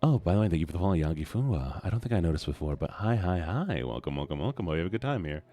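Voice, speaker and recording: A male streamer giving excitable, casual commentary on a game, swearing and laughing as he goes. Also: sits low, rapid-fire, no room sound, faint music behind.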